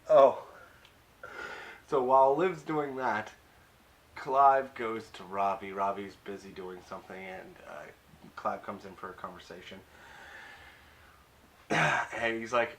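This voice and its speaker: A young YouTube recap reviewer goes over a TV episode in a lowish voice, taking it slowly and pausing often, though the audio is poor. He's rambling and hesitant, using many fillers and tossing in wry offhand asides.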